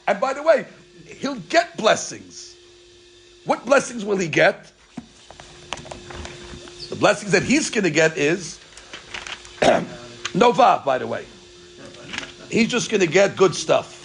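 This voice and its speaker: A man, a rabbi, teaching a Torah class in an animated, joking way, acting out bits of dialogue. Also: high voice, slow pace, creaky, pauses often, slight background noise.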